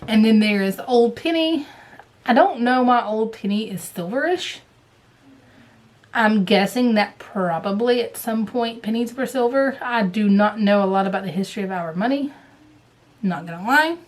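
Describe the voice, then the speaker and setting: A woman with a Southern US accent, chatting casually and rambling as she shows off embroidery threads, now and then dropping to a soft murmur. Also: on the high side, moderate pace. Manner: rambling, chatty, drifts to hushed murmurs while showing threads. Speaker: cross-stitch vlogger. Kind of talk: casual chat.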